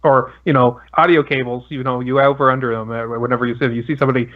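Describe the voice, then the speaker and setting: A man's voice: mid-range voice, steady tone, quick pace, phone-quality sound. A man co-hosting a casual tech podcast, chatting loosely with many fillers. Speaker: podcast co-host.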